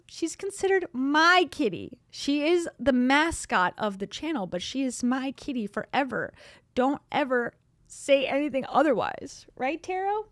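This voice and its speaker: A woman's voice: high voice, dry recording, studio quality. A woman livestreaming from home, reacting to videos with sarcastic, mocking commentary and chatty asides. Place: home room. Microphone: desktop streaming mic.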